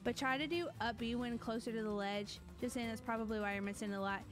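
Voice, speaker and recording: A woman's voice: a little high, steady tone, fast talker, music in the background. A young woman streaming a game, chatting casually and greeting viewers by name. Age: young adult. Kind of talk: casual live-stream chat while gaming.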